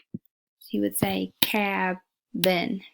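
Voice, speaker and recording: A woman's voice: mid-range voice, fairly even intonation, slow pace, creaky. A woman teacher giving a phonics lesson, patiently repeating words and sounding them out syllable by syllable.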